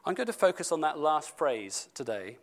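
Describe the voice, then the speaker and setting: A man preaching a sermon to his church, stressing key words and slowing down for scripture. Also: on the high side, sing-song. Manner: emphatic, slows down for scripture, speeds up for asides.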